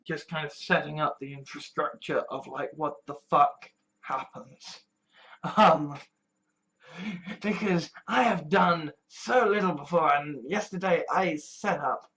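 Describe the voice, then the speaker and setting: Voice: mid-range voice, takes it slowly, a bit bright, low-quality recording. A video essayist delivering a casual, rambling monologue full of profanity and emphatic asides.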